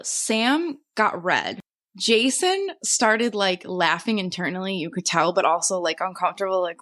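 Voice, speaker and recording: A woman co-hosting a podcast, telling a story in animated casual chat, swearing freely and acting out what people said. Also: mid-range voice, normal speed. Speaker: podcast co-host.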